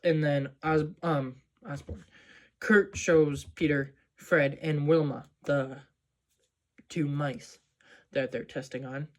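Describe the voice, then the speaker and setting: A man's voice: fairly high pitch, steady tone, slow. A man casually recapping a movie plot as a reviewer, rambling with lots of "um" and "like". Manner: rambling, many fillers like "um" and "like".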